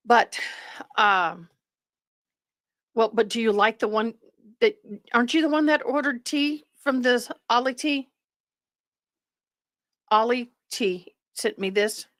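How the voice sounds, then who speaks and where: Woman, livestream host, tired, rambling chat, dry close sound, mid pitch. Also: dry recording. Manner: chatty, rambling, warm toward viewers. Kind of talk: casual chat with live viewers.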